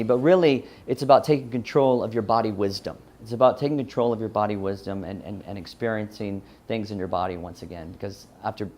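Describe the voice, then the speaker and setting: A man's voice: lowish voice, darkish tone. Earnest Southern man. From Louisiana. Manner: earnest, restarts often, laughs at himself. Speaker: speaker. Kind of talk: personal story talk.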